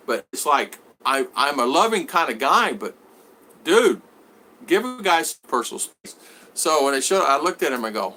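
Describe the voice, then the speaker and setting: A man chatting on a live stream, answering viewers and acting out conversations as he rambles. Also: normal speed. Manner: animated, acts out both sides of conversations in a higher voice. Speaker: vlogger answering live chat.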